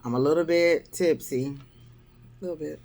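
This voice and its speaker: A woman's voice: low voice, moderate pace, a little mellow. A woman vlogger telling dating stories in a wry, blunt, exasperated way. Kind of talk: casual storytelling vlog.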